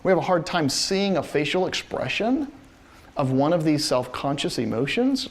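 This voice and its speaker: A middle-aged man giving a classroom lecture, telling personal stories and acting out the voices in them with frequent laughter. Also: a little high. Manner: animated storyteller, acts out quoted voices, laughs often. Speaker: university lecturer.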